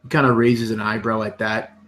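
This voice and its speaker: A man narrating as game master, describing scenes in a relaxed, meandering way. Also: lowish voice, moderate pace.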